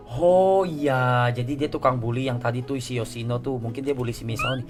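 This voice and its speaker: A man with an Indonesian accent who streams games and tosses quick, slangy asides to his viewers. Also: mid-range voice. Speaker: game streamer. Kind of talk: casual gameplay commentary. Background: game music.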